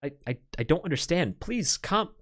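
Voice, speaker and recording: A man's voice: on the high side, very animated, normal speed, a bit bright, pitched above the performer's own voice. A man voicing a stammering, timid young woman. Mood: pleading. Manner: pleading, stammering. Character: timid young woman scientist, anxious daughter. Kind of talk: visual novel read-aloud.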